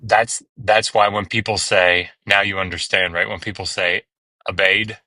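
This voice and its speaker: Guy w low voice but bright tone teaching hebrew on a live stream, patient, lots of ums, dry close mic. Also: fairly even intonation, normal speed, no room sound. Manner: patient, explains step by step with many fillers. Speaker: host teaching biblical Hebrew. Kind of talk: casual live-stream tutoring.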